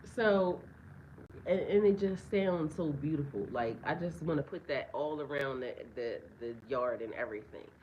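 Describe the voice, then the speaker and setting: A woman's voice: low-pitched, lively intonation, normal speed, a little mellow, lo-fi sound, a little hiss or hum. A woman giving a casual astrology reading outdoors in a yard, talking bluntly and with heavy profanity, often breaking into laughter. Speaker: spiritual reader and life coach. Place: outdoors in a yard with birds nearby.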